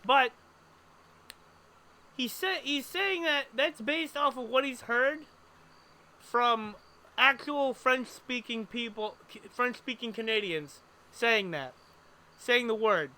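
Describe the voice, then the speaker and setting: A man streams a game live, talking to viewers in an unhurried, chatty way. His voice sits high for a man and has a sharp, bright edge. He often drifts into long, rambling asides. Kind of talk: casual live gameplay commentary.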